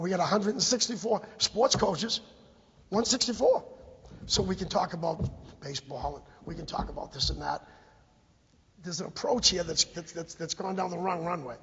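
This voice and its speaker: Husky man pleading at a meeting. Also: sits high, fairly bright tone. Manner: emphatic, repetitive, exhorting. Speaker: bereaved parent giving public comment. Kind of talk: impassioned public comment at a town meeting. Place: town committee meeting room. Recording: dull, echoey public-access meeting recording.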